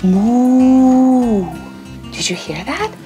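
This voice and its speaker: A woman hosting a toddler learning video, speaking in a slow, clear, sing-song way with exaggerated expression. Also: on the high side, sing-song, faint music behind. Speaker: children's video host. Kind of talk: toddler learning video with songs and pretend play.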